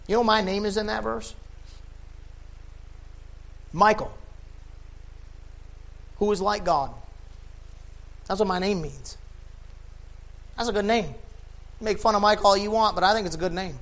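A tired man preaches with fervor, his high voice climbing to loud peaks before sinking into hushed lines. He reads scripture aloud between the emphatic parts of his sermon. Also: moderate pace, long pauses. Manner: fervent preaching, swinging from loud emphatic peaks to low quiet stretches; sweaty and laughing at himself between scripture readings. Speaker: pastor.

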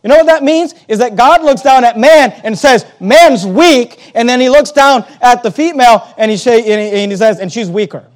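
A man's voice: very high voice, a little fast, few pauses. A man preaching a sermon as pastor, emphatic and conversational, repeating phrases and turning aside to address the congregation directly.

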